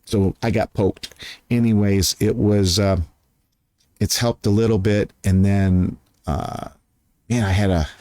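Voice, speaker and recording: Low-voiced man, earnest rambling vlogger, dry close sound, outdoors. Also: fairly even intonation, slow pace, darkish tone, no echo. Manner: earnest, rambling, loses his train of thought. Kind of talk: casual chat to camera.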